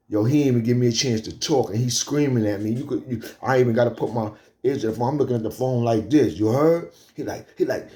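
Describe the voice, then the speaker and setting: A man's voice: medium pitch, quick pace, few pauses, mellow. A young man with a Bronx New York accent telling a prison story in casual street slang, asking "you heard?" often.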